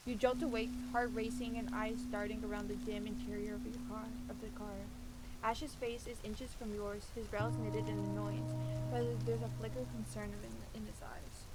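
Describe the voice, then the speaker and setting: A woman hosting a visual novel let's play, reading the narration aloud and reacting in a chatty, expressive way. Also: fairly high pitch, normal speed, over loud music. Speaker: gaming channel host.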